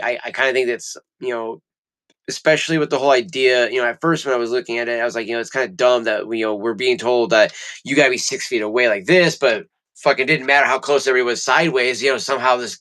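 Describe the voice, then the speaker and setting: A man's voice: mid-range voice, a bit bright. A man hosting a livestream, ranting in a heated, profane and rambling way. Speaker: livestream host. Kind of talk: casual livestream rant. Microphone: studio mic.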